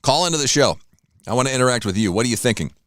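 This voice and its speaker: A man's voice: medium pitch, expressive, very fast, fairly bright tone, dry recording, clean studio sound. A man hosting a morning radio show, chatting casually on his own, rambling between sports scores and snacks. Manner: rambling, chatty, talks while eating. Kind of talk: casual solo radio talk.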